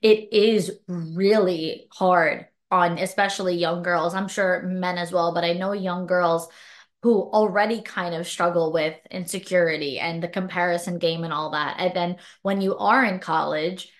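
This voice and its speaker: A woman's voice: on the low side, steady tone, unhurried. A young woman hosting a podcast interview, talking casually with many filler words. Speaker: podcast host.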